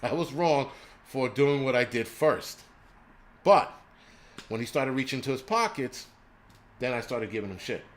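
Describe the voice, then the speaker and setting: Brief: New guy, mid-pitch, foul-mouthed ranting vlogger, faint noise behind him. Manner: profane, animated storytelling. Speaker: prepper channel host. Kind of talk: casual ranting vlog.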